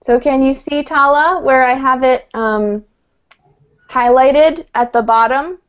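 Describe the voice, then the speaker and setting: Slow, patient woman teaching English. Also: sits high, smooth. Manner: patient explaining, checks understanding with "okay?". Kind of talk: online language lesson. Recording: muffled video-call audio.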